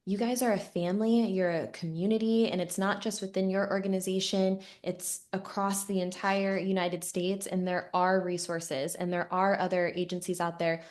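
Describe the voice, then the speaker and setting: A woman's voice: on the low side, little pitch movement, moderate pace, hardly any pauses, a little mellow. A woman hosting a podcast interview, speaking in a reflective, agreeable way with "like" as a filler. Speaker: podcast host.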